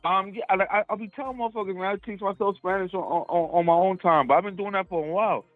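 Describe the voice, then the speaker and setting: A man's voice: sits high, quick pace, dry recording, faint music behind. A man calling into a show, explaining in a laid-back, slangy way with lots of fillers. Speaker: caller. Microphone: phone call. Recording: tinny phone line.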